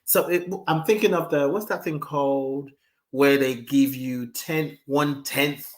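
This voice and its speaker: A man guest talking reflectively in a conversation, expressive and animated, slipping into emotional stories. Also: medium pitch, a little slow, echoey room.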